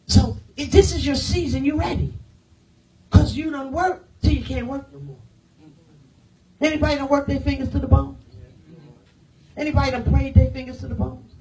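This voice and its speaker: Woman pastor preaching in church, high voice, mic kinda far off, keeps asking the room questions, loud then real quiet. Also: moderate pace. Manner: emphatic preaching with rhetorical questions to the congregation; swings between loud declarations and hushed near-whispers. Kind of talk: sermon.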